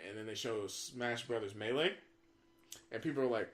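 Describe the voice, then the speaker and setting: A man's voice: mid-range voice, brisk. A man co-hosting a casual gaming podcast, telling hopes as an acted-out story, mimicking crowds and swearing freely. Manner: animated storyteller, acts out crowd reactions, swears. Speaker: podcast co-host.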